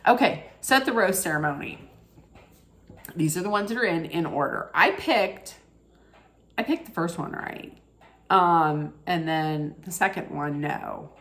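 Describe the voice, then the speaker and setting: A woman's voice: on the low side, lively intonation, moderate pace, vocal fry, fairly bright tone. A woman giving a casual, opinionated recap of a reality dating show, chatty, with frequent fillers and restarts.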